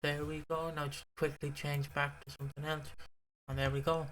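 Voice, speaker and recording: Bright-voiced man rambling on a podcast. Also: a little high, flat delivery, moderate pace, slight background noise. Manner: rambling, swears freely, chatty. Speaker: podcast co-host. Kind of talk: casual chat.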